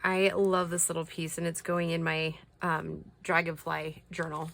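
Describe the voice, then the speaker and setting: A woman's voice: deep voice, completely flat delivery, unhurried, creaky. A woman chatting casually as she shows off crafty mail from subscribers, gushing over each piece and sometimes dropping to a whisper. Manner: gushing, soft-spoken, drops to whispers. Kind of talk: casual chat.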